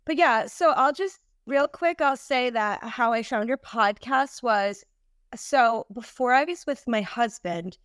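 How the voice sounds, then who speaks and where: A woman talks as a guest on a podcast, open and reflective, sometimes pausing with a hesitant "um." Her voice is a little high. The sound is dry and close. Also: a bit bright, dry recording. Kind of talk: casual interview talk.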